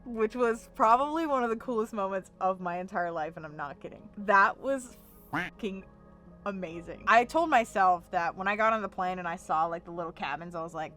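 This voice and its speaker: A woman's voice: mid-range voice, fairly quick, fairly bright tone, faint music behind. A young American woman telling a story to camera in a casual vlog, emphatic and swearing freely. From United States. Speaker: vlogger.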